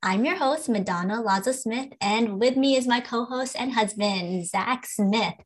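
A woman's voice: a little high, unhurried. Woman podcast host explaining child speech. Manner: explanatory, advice-giving with fillers. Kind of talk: casual podcast chat.

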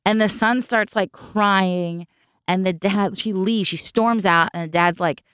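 A woman telling stories in casual chat, animated and quick to act out what people said. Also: mid-range voice, clear, resonant tone, dry recording, studio quality. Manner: animated, acts out quotes, swears.

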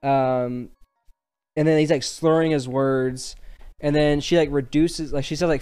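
A man's voice: medium pitch, fairly even intonation, moderate pace, a little mellow, smooth. A young man hosting a podcast, retelling a story in casual, rambling chat full of fillers. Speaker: podcast host.

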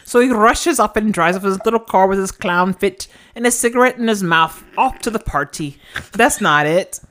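A woman co-hosting a podcast, recapping a movie in casual chat, giggly and halting as she tells it. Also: medium pitch, a bit bright. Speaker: podcast co-host.

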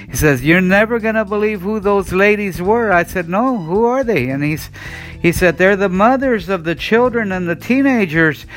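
A man with a fairly high voice preaches a sermon, retelling a testimony in an earnest way and often restarting with "and, uh". Soft guitar music plays faintly under his voice. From United States. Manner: earnest storytelling, many "and, uh" restarts.

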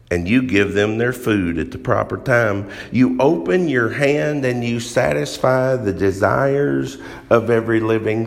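Low, gravelly male preacher, earnest and emphatic, reverberant church hall. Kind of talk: sermon.

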